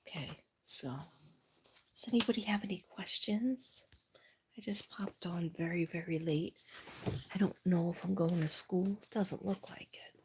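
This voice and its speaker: A woman chatting casually on a live stream from home, rambling and soft-spoken, often dropping to a whisper. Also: on the low side, measured pace, noisy background.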